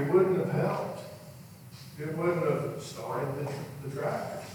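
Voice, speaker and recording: A man's voice: on the high side, a little hiss or hum. Preacher man in an echoey hall. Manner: animated storytelling, acting out voices in quotes. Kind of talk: sermon. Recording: echoey hall, mic far off, faint ambience.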